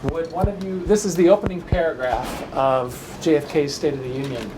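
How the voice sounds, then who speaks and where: A man leading a classroom workshop with slides, talking in halting phrases with frequent fillers and restarts. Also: fairly high pitch, steady tone. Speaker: workshop leader. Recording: noisy room recording.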